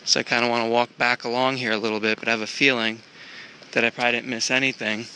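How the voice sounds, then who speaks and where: A man talks through a casual travel vlog while strolling an outdoor park, his voice bright and forward. He rambles and thinks aloud, dropping the odd curse, with a faint outdoor hum in the background. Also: mid-range voice, flat delivery, fast. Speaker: traveler filming a walk.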